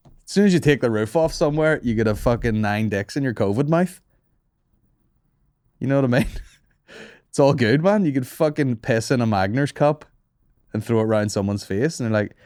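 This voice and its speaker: A man's voice: fairly low pitch, brisk, darkish tone, dry recording, clean studio sound. A young man, hosting a comedy podcast in a rambling, sweary monologue and laughing at his own jokes.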